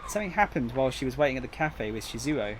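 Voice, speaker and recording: A man streaming a visual novel, narrating it expressively with quick joking asides. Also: mid-range voice, expressive, a little hiss or hum. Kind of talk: narrating a game, reading chat. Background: faint music.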